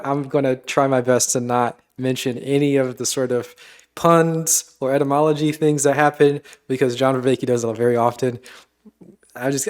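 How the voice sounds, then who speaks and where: Joking man commenting on a stream. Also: mid-range voice. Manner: joking, mock-exasperated. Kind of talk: casual live-stream commentary.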